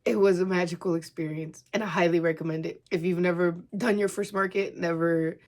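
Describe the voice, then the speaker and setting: A woman's voice: fairly low pitch, fairly even intonation, brisk. A young woman vlogging from home, talking casually and emotionally to the camera, teary at times, with many "like" fillers. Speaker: crochet vlogger.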